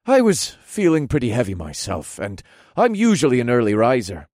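A man's voice: medium pitch, wildly swooping pitch, moderate pace, darkish tone, no room sound, studio quality, voice pushed up. A man voicing a cheerful, helpful young lieutenant in an audiobook. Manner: chipper, helpful.

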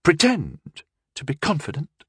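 A man's voice: on the high side, big pitch swings, fairly quick, dry recording, studio quality, pitched above the performer's own voice. A man voicing a young, self-doubting student, plaintive and incredulous. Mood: bitterly amused.

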